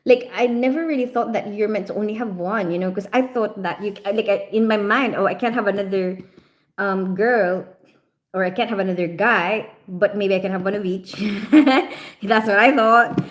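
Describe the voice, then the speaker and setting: A woman's voice: medium pitch, normal speed. A woman chatting casually on a livestream, rambling with lots of fillers and frequent giggles. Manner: rambling, heavy use of fillers.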